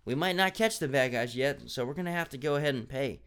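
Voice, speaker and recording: A man's voice: medium pitch, quick pace, a bit bright, clean tone, lightly acted. A man voicing a confident, sarcastic teenage boy detective in a read-aloud story.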